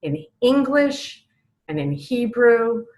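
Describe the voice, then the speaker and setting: A woman's voice: on the high side, sing-song, takes it slowly, a little mellow, rough recording. A middle-aged woman from New York, earnestly telling a personal faith story as an author and acting out her own pleas. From Brooklyn, New York. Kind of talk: personal testimony.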